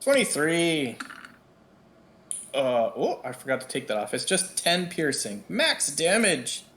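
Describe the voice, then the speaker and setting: A man playing a tabletop game, planning his character's turn slowly and deliberately. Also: mid-range voice, expressive, a bit bright, a little hiss or hum. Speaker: player.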